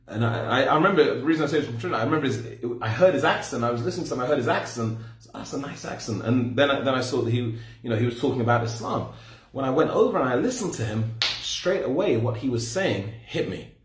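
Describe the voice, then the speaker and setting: A man's voice: a little high, reverberant. A man in his forties from England with an English accent, telling his personal story in a rambling, conversational way with frequent self-corrections. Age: 40s. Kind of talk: personal testimony talk.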